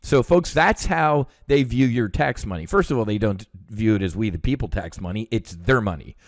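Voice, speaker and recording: This fairly low-pitched man speaks at normal speed with lively intonation, captured in a dry, studio-quality recording. He's an American veteran and show host, telling a story as a casual, heated, profane rant packed with fillers.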